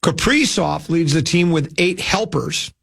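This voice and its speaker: A male sports radio host in casual banter, playful and theatrical, often slipping into quick put-on voices. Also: fairly high pitch, vocal fry, a bit bright, breathy edge.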